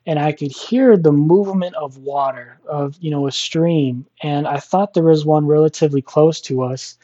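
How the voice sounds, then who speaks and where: A man's voice: fairly high pitch, moderate pace, hardly any pauses, warm tone, dull audio. A man casually telling a personal story, rambling with many fillers and restarts. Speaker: storyteller guest.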